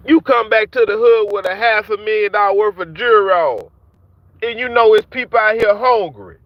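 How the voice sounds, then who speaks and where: A man's voice: high voice, moderate pace, dry recording. A man ranting to camera in heated, repetitive street talk, taunting and mocking the people he calls out. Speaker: vlogger ranting at rappers. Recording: dull dry lo-fi sound.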